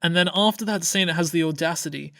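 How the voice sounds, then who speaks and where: A fairly high-voiced man in casual podcast chat, gushing about films with plenty of restarts. His voice is recorded close and dry, with no room sound around it. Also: quick pace, creaky, fairly bright tone, no room sound. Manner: enthusiastic, stumbling restarts. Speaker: podcast co-host.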